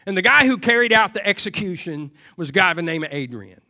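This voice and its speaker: A man preaching a sermon, moving from quiet, hushed passages to loud, emphatic cries and repeated phrases. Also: high-pitched, expressive, quick pace.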